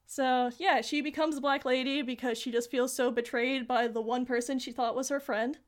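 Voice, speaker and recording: A young woman with a high voice talks in a casual podcast chat. She tells the story animatedly and gushes like an eager fan, often stopping herself mid-thought. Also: moderate pace. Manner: animated, gushing fan retelling.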